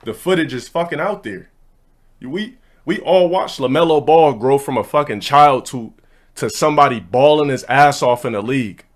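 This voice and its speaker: A young man telling a casual story and ranting bluntly, with plenty of profanity and a brash, hurried delivery. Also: medium pitch. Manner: blunt, profane, brash, speeds up mid-thought. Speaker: streamer.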